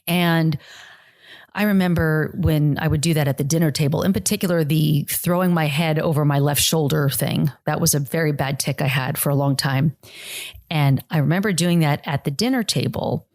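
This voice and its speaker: A woman in her forties speaks in a somewhat low voice as a podcast host. She tells personal stories in an earnest, reflective way and often restarts her sentences. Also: moderate pace, darkish tone. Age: 40s. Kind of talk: personal storytelling monologue.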